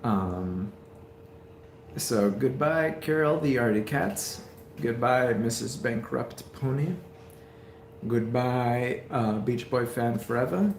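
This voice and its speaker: Rambling man with a gravelly voice. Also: medium pitch, takes it slowly, echoey room, slight background noise. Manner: rambling, heartfelt, many fillers. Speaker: streamer. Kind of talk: casual live stream chat. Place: hospital room.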